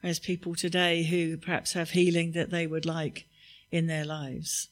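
Higher-voiced pastor leading prayer. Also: male voice, monotone, a little slow. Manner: gentle, encouraging, guiding the congregation into prayer. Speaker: pastor leading a healing service. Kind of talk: sermon.

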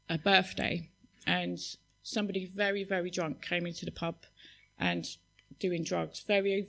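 A woman giving a heartfelt church testimony, halting and restarting as she speaks. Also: on the low side, fairly bright tone, rough recording. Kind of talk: spoken testimony at a church service.

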